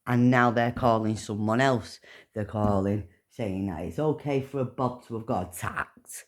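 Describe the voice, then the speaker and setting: A woman delivering an angry, profane rant, swearing and shouting in bursts. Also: very deep voice, unhurried. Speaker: political commentator. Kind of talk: angry ranting monologue.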